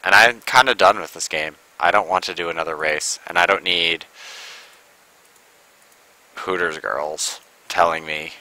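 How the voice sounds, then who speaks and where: A man's voice: low-pitched, steady tone, measured pace, pauses often, sharp tone, low-quality recording. A man giving casual let's-play commentary, rambling and sarcastic, full of "like" and asides. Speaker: gameplay commentator.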